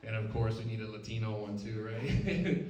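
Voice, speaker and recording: A man's voice: fairly low pitch, lively intonation, normal speed, distant mic, very noisy. A stand-up comedian from Stockton, California, performing a live set in a lounge and tagging his punchlines with "right?" and "okay?". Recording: roomy club sound from off-mic, crowd laughter.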